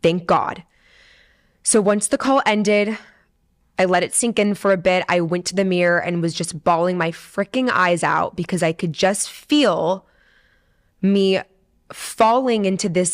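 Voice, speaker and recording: A woman in her twenties, a podcast host, telling a personal story in a candid, emotional, chatty way, full of fillers and the odd swear. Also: medium pitch. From San Diego, USA. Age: 20s. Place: studio.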